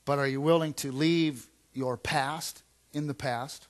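A man, a pastor, preaching a sermon in a conversational way, repeating phrases and swinging from quiet asides to loud emphatic lines. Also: on the high side, measured pace.

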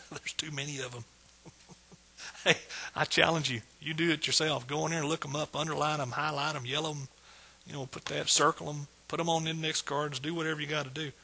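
Man, middle-aged, pastor, sermon, exuberant, repetitive, forceful, husky. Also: fairly high pitch, fairly even intonation, a little fast. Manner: exuberant preaching, repeats phrases, shouts of praise.

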